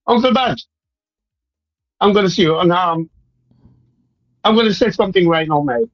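A man's voice: high voice, animated, normal speed, pauses often, no room sound, muffled recording. Fervent Montserratian man calling in. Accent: Montserratian Caribbean. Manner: rambling, repetitive, fervent. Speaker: radio caller. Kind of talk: emotional call-in to radio.

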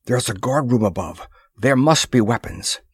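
A man's voice: mid-range voice, normal speed, husky, no echo, studio quality. A man voicing a brave, earnest young princess in an audiobook reading, speaking with urgent pleading.

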